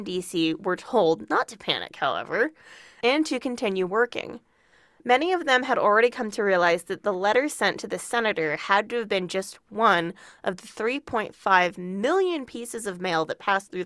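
A woman's voice: medium pitch, a bit bright, no echo, clean studio sound. A woman co-hosting a podcast, reading prepared true crime narration with casual asides. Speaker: podcast co-host.

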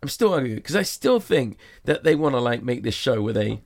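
In a sauna, a male guest who performs magic tells a rambling anecdote during casual conversation, packed with fillers and quoted exchanges. His mid-range voice is brisk, with big pitch swings and vocal fry.

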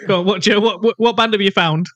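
A man hosting a casual chat, playful and asking quick questions. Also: high voice, steady tone, a bit bright, dry recording. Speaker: podcast host.

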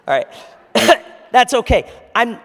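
A man's voice: very high voice, very animated, takes it slowly, a bit bright. A man preaching a conversational sermon as pastor, asking the audience questions. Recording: long reverb of a large hall.

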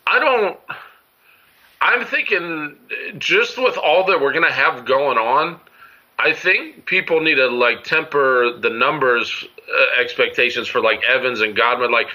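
Unhurried and mid-range in pitch, this man's voice still sounds pushed and bright as he co-hosts a laid-back sports podcast. He meanders through his points with lots of fillers and restarts, and the audio is dull and lo-fi.

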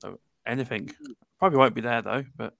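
A man's voice: mid-range voice, fairly quick, creaky, a bit bright, dry recording. A man hosting a casual gaming podcast, giving plain-spoken, rambling opinions. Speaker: podcast host. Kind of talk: casual panel chat.

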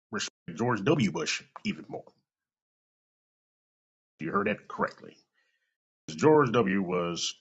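A man's voice: medium pitch, gravelly, fairly bright tone, breathy edge. A man hosting a podcast, delivering a blunt, profane, heated opinion rant. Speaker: podcast host. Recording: dull lo-fi recording.

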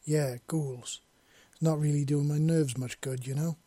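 A jittery young man on the run, read by a man, swearing through his nerves and apologizing. The voice is low-lit and husky, with a dry, close sound. He sounds scared but earnest. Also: fairly even intonation, a little slow, mellow, no echo. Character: nervous young man, escaped prisoner. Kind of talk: fan fiction audiobook reading.

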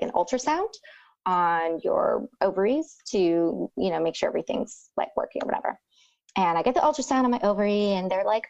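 A woman's voice: medium pitch, highs cut off. A woman in her thirties from Texas, chatting casually and acting out quotes as she tells a story. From Texas, Rio Grande Valley. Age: 30s. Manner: animated storyteller, acts out quotes. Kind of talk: casual chat.

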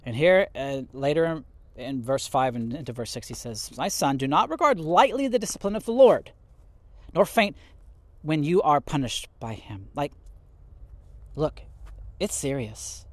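Male podcast Bible teacher, fairly high voice, dry close sound, lively and chuckling, acts out quotes. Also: measured pace, long pauses, no echo. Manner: animated, laughs often, acts out quotes. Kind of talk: casual podcast sermon.

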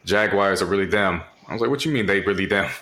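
A man's voice: low voice, fast. A man co-hosting a podcast in casual chat, laid-back, steering the topics with dry jokes. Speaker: podcast co-host. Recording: noisy background.

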